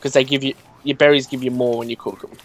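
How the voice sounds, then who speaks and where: A young man co-hosting a let's play, chatting in an excitable way and laughing often, over a headset or desk mic. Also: medium pitch, fast, a little hiss or hum. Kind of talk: casual gaming chat.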